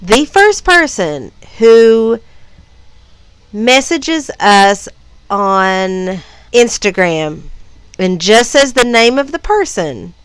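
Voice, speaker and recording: Smooth-voiced woman co-hosting. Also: fairly high pitch, big pitch swings, no room sound. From Kentucky. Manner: quick playful interjections. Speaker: podcast co-host. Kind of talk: casual chat.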